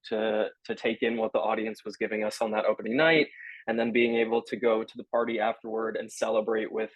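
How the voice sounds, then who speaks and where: A young adult man, a stage actor being interviewed, answering in a halting, earnest way as he searches for his words. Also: lowish voice, flat delivery, no echo, rough recording.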